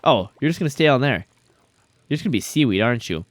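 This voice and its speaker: Guy streaming a game, goofy rambly chat, bouncy voice, soft music under. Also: mid-range voice, lively intonation, fast talker. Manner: rambling, jokey, reacting to chat. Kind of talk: casual gaming stream chat.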